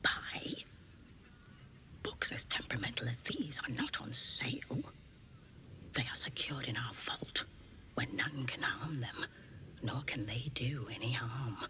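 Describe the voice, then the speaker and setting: A whispering, secretive bookseller. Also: female voice, very deep voice, very animated, heavily acted. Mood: hushed. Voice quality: hushed, unvoiced whisper. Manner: slow, conspiratorial, warning. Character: guarded, secretive female bookseller of dangerous tomes. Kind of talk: whispered role-play.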